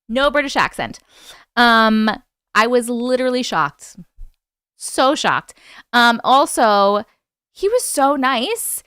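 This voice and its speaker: Young female streamer, higher pitch, casual excited chat with some swearing. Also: clean tone, no room sound, clean studio sound. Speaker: host.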